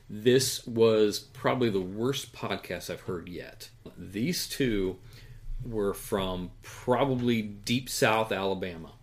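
A man co-hosting a podcast in casual chat, rambling with many fillers and chuckles. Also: on the low side. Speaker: podcast co-host.

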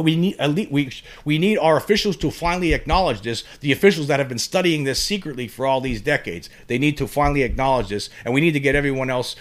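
Guy ranting on his vlog, fired up, keeps restarting and repeating himself, middle-pitched voice. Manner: impassioned, repetitive, full of restarts. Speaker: online commentator. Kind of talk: opinion vlog commentary.

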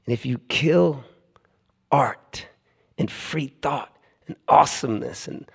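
With a slow, gravelly, husky medium-pitched voice, a man in his forties from Oakland, California, performs a storytelling monologue on a club stage for a live audience. He's animated and conversational, laughing frequently, restarting often, and voicing other people's quoted words.

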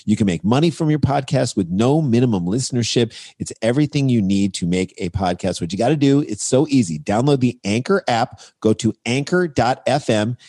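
A man's voice: mid-range voice, brisk, few pauses, no room sound, clean studio sound. A man co-hosting a comedy podcast, casual and jokey, often jumping in with bursts of enthusiasm. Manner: excitable, jokey, jumps in often. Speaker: podcast co-host.

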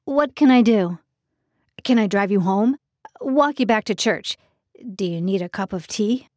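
Woman reading a fretful young guy, over-apologetic, a bit high and pushed louder, dry close sound. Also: expressive, a little slow, no room sound, natural voice. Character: earnest nervous young man, apologetic. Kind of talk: audiobook character voice.

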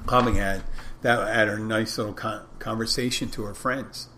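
A man's voice: lowish voice, steady tone, normal speed, sharp tone, slight background noise. A man who works as a bartender, hosting a podcast and telling a rambling anecdote in a casual monologue, acting out both sides of the conversation. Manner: rambling anecdotes, acts out dialogue.

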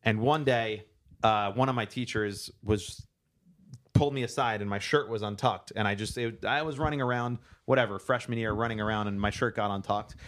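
Lower-voiced man telling stories casually. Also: moderate pace. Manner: animated storyteller, acts out quotes. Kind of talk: casual storytelling chat.

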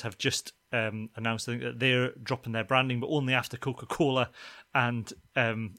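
A chatty man hosting a podcast, his voice bright and forceful. He talks loosely, with many fillers and restarts, and the recording is dry and close. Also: medium pitch, no room sound. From Scotland. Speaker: podcast host. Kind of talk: casual chat.

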